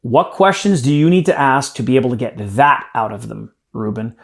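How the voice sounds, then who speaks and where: A man's voice: medium pitch, moderate pace, creaky. A man running a live sales training, coaching a group emphatically and addressing them directly.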